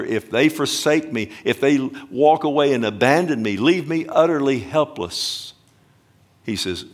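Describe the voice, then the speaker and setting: An older man preaching a sermon as pastor, emphatic and deliberate, swinging between hushed lines and booming ones, drawing out key words. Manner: slow, drawn-out phrasing on key words.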